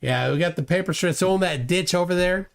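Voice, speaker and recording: A man's voice: high-pitched, fast talker, gravelly. Sarcastic man hosting a live stream. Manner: mocking, sarcastic, acts out mock dialogues. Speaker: host.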